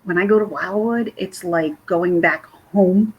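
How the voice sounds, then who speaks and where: A woman's voice: fairly low pitch, unhurried, breathy edge, highs cut off. A middle-aged woman from Philadelphia, co-hosting a casual livestream, chatty and rambling as she reads viewer comments. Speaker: livestream co-host.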